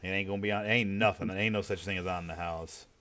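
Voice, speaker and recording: A man's voice: sits low, fairly even intonation, fast, sharp tone. A man chatting casually while streaming a game, rambling and swearing freely in a laid-back way. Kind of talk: casual chat while gaming.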